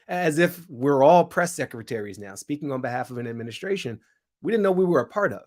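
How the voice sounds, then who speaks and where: Male guest, middle pitch, reflective, quick asides, laughs often. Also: expressive, a little mellow. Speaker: guest, comedian and show host. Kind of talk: reflective interview talk.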